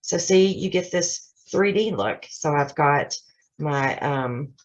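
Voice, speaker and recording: A woman speaks slowly in a low-pitched voice with lively intonation, hosting a casual card-making tutorial at her craft desk. She chats through every step with self-deprecating asides, as host of a craft channel. The lo-fi recording sounds slightly dull.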